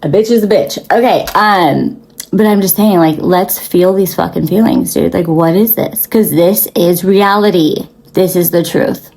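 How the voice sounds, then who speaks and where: Young woman doing a spiritual reading, swears a lot, gravelly and mellow, kinda preachy. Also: fairly low pitch, unhurried, low-quality recording. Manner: blunt, profane and preachy, with many fillers. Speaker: spiritual reader. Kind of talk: casual spiritual talk to viewers.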